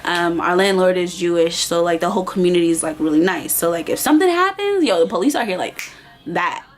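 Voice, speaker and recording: A woman's voice: on the low side, lively intonation, fairly quick, faint music behind. A young woman vlogger telling a storytime in casual, slangy chat, acting out the voices of everyone in it.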